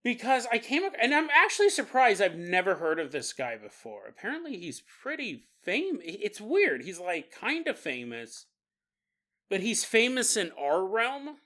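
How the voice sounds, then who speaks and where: A man hosting a podcast, telling a comic monologue with frequent laughs and quick acted-out voices. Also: sits high, huge pitch swings, pushed and bright. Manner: jokey, laughs often, acts out little voices. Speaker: podcast host. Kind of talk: comedic monologue.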